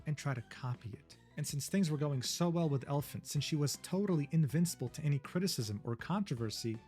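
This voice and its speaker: A man reads a scripted video essay with lots of movement in his pitch. His tone is sarcastic and mocking. Faint music runs under him. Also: expressive, brisk, a little mellow. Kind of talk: scripted commentary narration.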